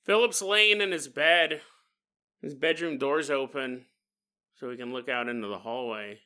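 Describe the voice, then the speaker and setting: A man's voice: medium pitch, a little slow, sharp tone, smooth. A man hosting a podcast, telling a story casually with rambling, joking asides. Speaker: podcast host.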